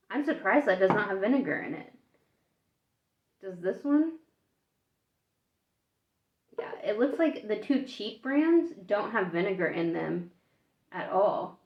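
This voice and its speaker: Chatty woman vlogging in an echoey room. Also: mid-range voice. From United States. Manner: chatty, thinking aloud while tasting. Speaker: food vlogger. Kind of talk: casual taste-test vlog. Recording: echoey room, dull lo-fi sound.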